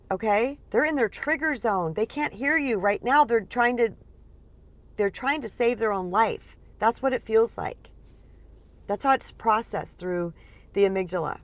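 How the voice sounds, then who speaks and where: Earnest woman coach with a lively voice. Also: mid-range voice. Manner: earnest, lively, uses many fillers. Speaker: spiritual empowerment coach. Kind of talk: casual teaching monologue.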